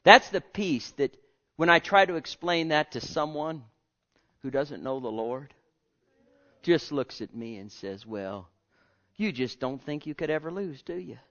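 A man preaching a sermon with passion, swinging between loud pleading and hushed, almost whispered lines. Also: a little high, lively intonation, unhurried. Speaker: pastor. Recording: lo-fi dull sound.

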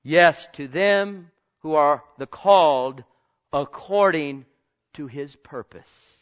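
A male pastor preaching a sermon, swinging between loud and hushed and repeating his phrases, with questions put straight to the congregation. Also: on the high side, takes it slowly, dull audio. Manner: asks the congregation direct questions.

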